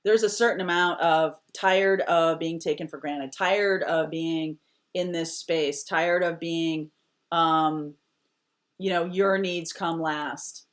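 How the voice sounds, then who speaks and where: A woman's voice: sits low, fairly even intonation, slow pace. A woman giving a casual tarot reading to camera, emphatic and repeating short firm phrases, sometimes dropping almost to a whisper. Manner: drops to a near whisper at times. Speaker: tarot reader.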